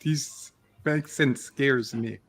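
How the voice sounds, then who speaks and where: A man putting on a deepened mock Russian accent in slow, deadpan goofing. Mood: mock-grave.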